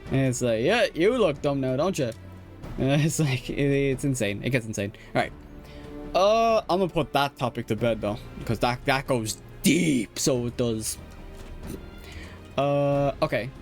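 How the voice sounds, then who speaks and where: A man's voice: medium pitch, animated, a little slow, soft background music. A young man with an Irish accent chatting casually while streaming a game, rambling with lots of fillers, restarts and laughs. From Ireland. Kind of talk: casual chat while gaming.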